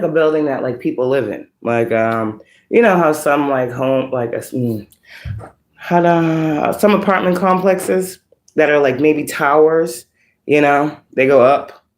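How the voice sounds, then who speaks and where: A woman, working as a spiritual reader, casually retelling a dream to her online audience in a profane, animated, laughing way. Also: sits low.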